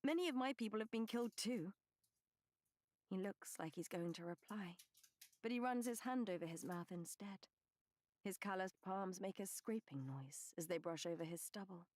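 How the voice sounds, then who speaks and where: A woman reading a first-person novel as an audiobook narrator, measured and expressive. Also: mid-range voice, no echo.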